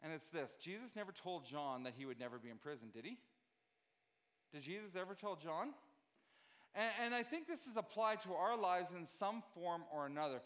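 A man's voice: sits high, sing-song, moderate pace, a bit bright. A male pastor giving a conversational sermon to a congregation, often checking in with his listeners.

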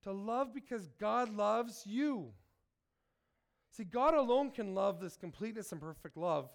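A man's voice: high-pitched, animated, measured pace, creaky. A man who is sick, reading scripture and preaching, earnest and asking his listeners direct questions. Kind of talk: sermon with Bible reading.

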